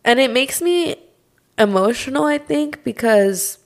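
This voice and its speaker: A young woman hosting her own podcast, talking through a personal struggle in a slow, heartfelt monologue full of sighs and "like". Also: high voice, lively intonation, creaky. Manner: slow, sighing, heartfelt, says "like" often. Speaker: podcast host.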